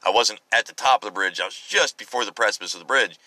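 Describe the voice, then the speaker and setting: A man's voice: on the low side, fast talker, pushed and bright, no room sound, poor audio. A man telling a personal story in a casual, rambling way, often repeating and restarting his words for emphasis.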